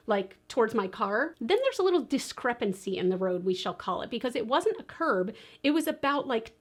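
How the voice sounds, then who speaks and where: A young woman chatting through a long story while doing her makeup, animated and laughing now and then. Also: fairly high pitch. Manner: animated storyteller, acts out quoted voices, laughs often. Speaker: beauty vlogger.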